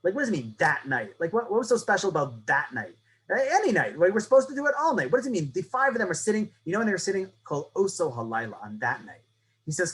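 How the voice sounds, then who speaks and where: A man teaching a lesson on the Passover Haggadah. He tells it as a story, keeps asking the listeners "right?", and moves between loud, emphatic lines and low, hushed ones. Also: low-quality recording.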